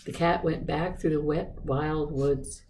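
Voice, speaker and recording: Mellow, measured storybook reader. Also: medium pitch, a little hiss or hum, poor audio. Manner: calm, measured, rhythmic telling. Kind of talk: storybook reading aloud.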